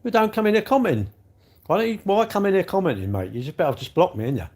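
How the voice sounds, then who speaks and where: A man's voice: sits high, expressive, quick pace, darkish tone. A man, chatting casually on a live stream and bantering with his viewers' comments. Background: faint music.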